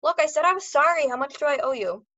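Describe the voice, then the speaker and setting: A man's voice: very high-pitched, expressive, fast, pushed and bright, no room sound, pitched above the performer's own voice, full character voice. A jittery construction foreman man, stammering and defensive, never quite in control, as a woman reads him aloud. Dry and a touch muffled. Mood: flustered. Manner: flustered, defensive.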